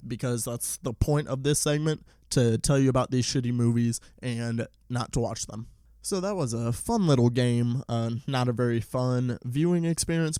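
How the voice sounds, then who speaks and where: A man's voice: no echo, clean studio sound. A man hosting a solo movie podcast, talking casually with fillers, sometimes ranting in bursts. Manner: ranting, animated roast with rising pitch. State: out of breath. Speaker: podcast host.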